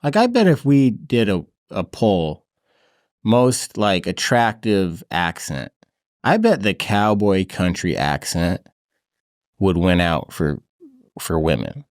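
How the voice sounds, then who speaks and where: This podcast host has a low, sing-song voice and talks slowly, keeping the chat laid-back and laughing often. The recording is dry, with clean studio sound.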